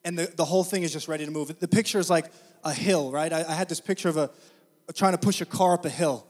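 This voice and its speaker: A man with a notably high voice delivers a sermon. He speaks to the congregation in a chatty, storytelling way and rises into loud, energetic preaching. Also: fast talker. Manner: conversational, addresses the congregation directly.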